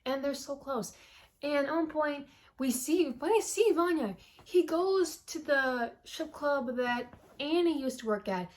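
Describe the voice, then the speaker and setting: Animated, profane woman with a higher voice. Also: unhurried. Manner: animated, profane storytelling, acting out characters' lines. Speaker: movie recap vlogger. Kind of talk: casual movie recap.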